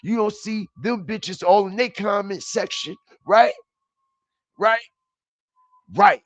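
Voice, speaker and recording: A livestream commentary host with a high-sitting voice speaks slowly into his streaming setup mic, ranting in a heated, confrontational, profane way, taunting and repeating himself.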